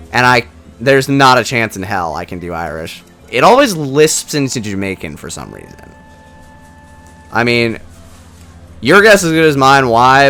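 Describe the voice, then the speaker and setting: A man's voice: mid-range voice, sharp tone, clear, resonant tone. A man hosting a let's play of a text-based game, making wry, self-mocking asides as he reads.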